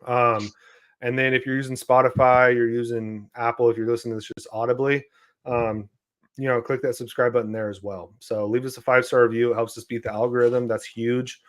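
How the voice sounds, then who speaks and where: Man, podcast host, casual chat, filler-heavy, mid-pitched voice. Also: level tone, fairly quick, fairly bright tone. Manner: loose and chatty, many fillers.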